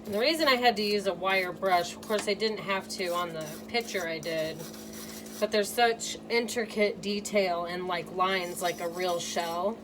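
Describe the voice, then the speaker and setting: A fairly low-voiced woman with a Midwestern American accent, hailing from the Midwest, chats casually to the camera as she works on a DIY restoration. It's informal how-to narration, picked up from afar with room noise around her.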